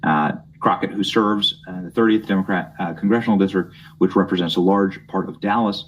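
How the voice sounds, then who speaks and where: Deep-voiced man doing snide political commentary. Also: fairly even intonation, a little fast, slight background noise, rough recording. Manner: mocking, snide asides while reading news.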